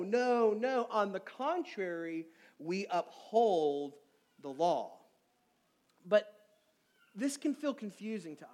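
A male pastor with a fairly high voice delivers a sermon. He hammers key words with loud emphasis, then drops to hushed, intimate asides. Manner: emphatic, swinging from loud stresses to near-quiet asides.

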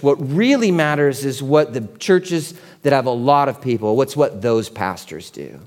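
A man in his forties, a pastor preaching a conversational sermon that swings from quiet and tender to loud and excited. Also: medium pitch, unhurried, few pauses. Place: church sanctuary. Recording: long hall reverb.

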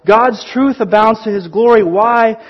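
A man's voice: sits high, a little slow, lo-fi sound, voice pushed up. A man voicing an imagined student who raises his hand to object, asking earnest questions. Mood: pleading, questioning.

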